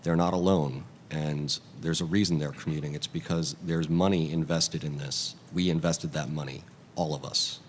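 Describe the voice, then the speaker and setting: A man with an extremely deep voice speaks on a conference panel. He sounds earnest and places his stresses with care. A faint noise runs behind him. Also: fairly even intonation, moderate pace.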